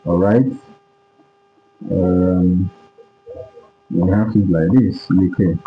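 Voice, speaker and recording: Male teacher from Nigeria, low mellow voice, lo-fi recording with faint music, drills words and checks understanding. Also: fairly even intonation, very slow. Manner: repeats words and keeps asking "do you understand?". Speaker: English pronunciation teacher. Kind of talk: classroom lesson.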